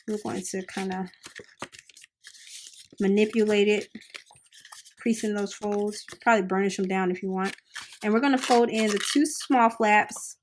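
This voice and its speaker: A woman's voice: medium pitch, slight background noise. A woman hosting a crafting tutorial, chatting upbeat and casual while she works with her hands. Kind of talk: casual how-to demonstration.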